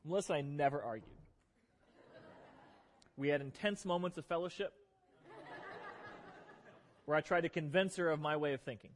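A man preaching a sermon, telling a funny story about himself in an animated, self-deprecating way to his church congregation. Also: on the high side, moderate pace, long pauses, some chatter behind. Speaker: pastor. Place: church sanctuary. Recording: long reverb of a large hall.

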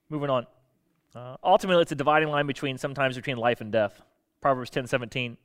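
Male preacher, slightly high and smooth voice, chatty sermon delivery that slips into quoted voices. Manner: conversational and lively, acting out quoted voices; explaining Bible verses with everyday examples.

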